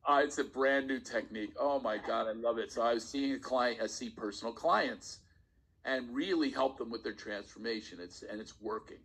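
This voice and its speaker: A man, a stand-up comedian, telling stories on a podcast in a casual, animated way and often laughing as he talks. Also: medium pitch, normal speed, breathy edge, low-quality recording. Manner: animated storyteller, laughs while talking. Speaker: guest comedian.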